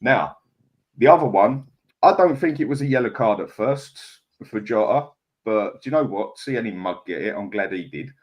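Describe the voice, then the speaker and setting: A man's voice: lowish voice, moderate pace, highs cut off. Blunt laughing man. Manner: blunt, animated, laughs often. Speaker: podcast panelist. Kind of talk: casual chat.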